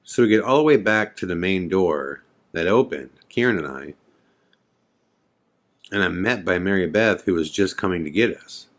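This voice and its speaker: A man's voice: low-pitched, animated, moderate pace. A man hosting a podcast, telling a story in a casual, conversational way full of fillers and quoted dialogue. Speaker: podcast host.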